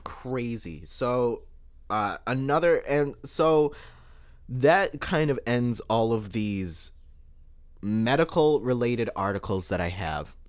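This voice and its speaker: Male solo podcaster, excitable and emphatic, very animated intonation, repeats words for punch. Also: medium pitch, slow. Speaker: podcast host. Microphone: podcast microphone.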